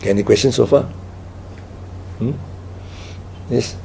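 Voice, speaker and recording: A man's voice: mid-range voice, gravelly, dark tone, a little hiss or hum, rough recording. A man teaching as a Buddhist teacher in a dharma talk, telling stories and checking in with his listeners with a constant "right?". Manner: tag questions like "right?" after nearly every point; unhurried, storytelling delivery. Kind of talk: dharma talk with audience questions.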